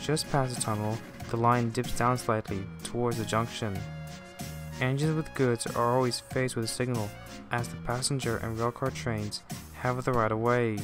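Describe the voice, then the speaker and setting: A man giving scripted storybook narration in a slow, measured way. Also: medium pitch, fairly even intonation. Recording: music playing underneath.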